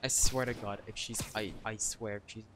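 A man's voice: fairly low pitch, fairly even intonation, normal speed, noisy background. A young man commenting on his gameplay, irritable and grumbling, swearing at the game. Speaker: gaming streamer.

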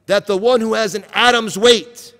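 A man's voice: high-pitched, fairly even intonation, normal speed, fairly bright tone. A man preaching a sermon in an earnest, direct way, posing rhetorical questions and mixing Arabic terms into his talk. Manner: mixes in Arabic terms and recited verses. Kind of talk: Islamic lecture. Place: lecture hall at an event. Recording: reverberant hall sound.

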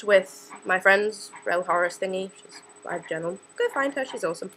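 Brief: late-teen Australian girl, slightly high voice, rambling self-mocking vlog chatter full of ums. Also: normal speed, few pauses, fairly bright tone, low-quality recording. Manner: chatty, scattered, self-deprecating, many fillers. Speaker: student vlogger.

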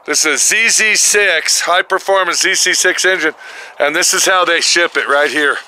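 A man's voice: a little high, normal speed, pushed and bright, rough recording. Angry cursing man ranting at a shop. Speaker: mechanic and channel host. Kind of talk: casual vlog walkthrough. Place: outdoors at a car shop. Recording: music playing under the voice.

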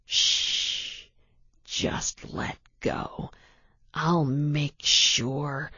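A woman voicing a hulking male mercenary who taunts in a low, slow, cold whisper. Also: bright, forceful tone, slightly rough, no echo, muffled recording, full character voice. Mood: menacing taunt.

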